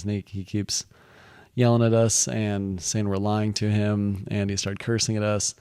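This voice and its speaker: A man's voice: lowish voice, flat delivery, moderate pace, warm tone, clean tone, no echo, clean studio sound. A young man casually telling stories about his work, rambling and restarting, with many "he's like" asides. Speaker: vlogger recounting work experiences. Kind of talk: casual storytelling monologue.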